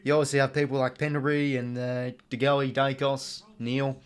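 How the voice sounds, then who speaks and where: A man's voice: mid-range voice, flat delivery, normal speed, smooth. A young Australian man hosting a live watch-along stream, chatting casually, full of fillers and greeting viewers from chat.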